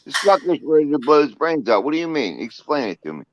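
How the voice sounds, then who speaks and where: A man's voice: fairly high pitch, big pitch swings, fast, a little hiss or hum, rough recording. A man speaking earnestly on a livestream panel, flustered and pleading, with many ums and uhs.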